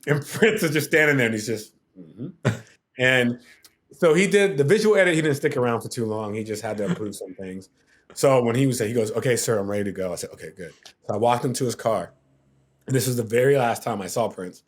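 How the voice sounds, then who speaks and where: Middle-aged guy telling a story on a podcast, lively, does little voices and sound effects, medium pitch. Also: fast. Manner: animated, acts out quotes and sound effects. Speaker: podcast guest, TV producer. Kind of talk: casual storytelling.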